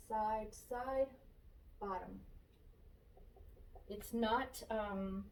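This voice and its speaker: Working in a shop space, a woman from Florida, USA, paints furniture while chatting through every stroke and saying her steps again out loud. Her mid-range, somewhat dark voice sounds distant in the echoey room, and there's some hiss or hum.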